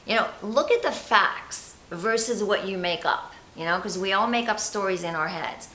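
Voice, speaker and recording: In a motivational vlog, a woman coaches viewers on confidence, speaking chattily and animatedly straight to camera. Her voice is medium-pitched with a sharp tone at normal speed, and the rough recording sounds roomy with slight background noise.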